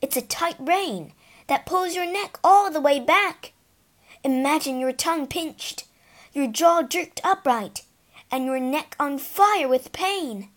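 A sullen young mare tells her sad story in a storybook, voiced by a woman. She speaks slowly and bitterly, her pitch rising and falling widely. The voice sits fairly high. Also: lively intonation. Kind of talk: storybook reading.

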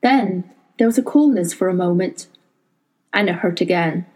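A woman reading a novel aloud in a steady, measured storytelling voice. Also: lowish voice, poor audio. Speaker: audiobook narrator.

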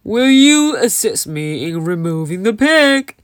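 A woman's voice: medium pitch, very animated, measured pace, dry recording, studio quality. A woman voicing a polite, formal male police officer who questions himself aloud.

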